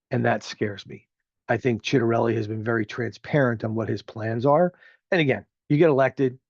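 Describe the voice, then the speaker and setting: A middle-aged man from New Jersey rambles through opinionated local commentary, loose and chatty, full of filler words. His voice sits at an ordinary middle pitch. The recording is close and dry, with a slightly muffled, dull tone. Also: darkish tone, no room sound. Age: 50s. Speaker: show host.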